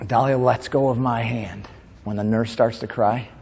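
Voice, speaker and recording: A man giving a conference keynote as a comedian and motivational speaker. He moves between tender storytelling and animated comic bits. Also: mid-range voice, normal speed, gravelly. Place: conference hall. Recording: long hall reverb.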